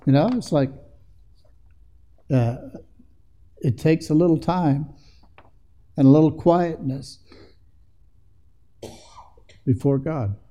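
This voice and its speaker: A man's voice: on the high side, slow, long pauses, warm tone, highs cut off. A man preaching a sermon in an earnest way that builds to emphatic passages.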